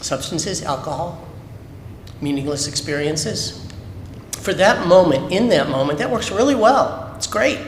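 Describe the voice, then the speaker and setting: At a Shabbat service, a man gives a candid personal testimony in a fairly high voice with lively intonation and a measured pace, pressing his points with many rhetorical questions. The synagogue sanctuary adds a long, echoing reverb over a faint room hum.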